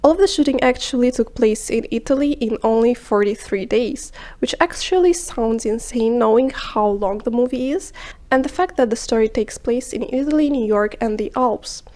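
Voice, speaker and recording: A woman narrating a scripted film review video in a measured, explanatory way, sometimes dropping into hushed asides. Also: on the high side.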